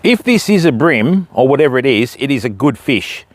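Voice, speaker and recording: A man's voice: very animated, normal speed. An Australian man chatting on a live fishing stream, talking to his viewers and to dogs outdoors by the water. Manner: chatty, calls dogs in a high sing-song voice.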